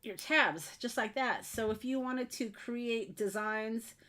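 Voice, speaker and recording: A woman's voice: fairly high pitch, takes it slowly, a bit bright. A woman chats with her viewers during a live craft stream. She talks in a friendly, rambling way, full of ums and little asides, from her craft desk at home. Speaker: craft livestream host. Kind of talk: casual live-stream chat.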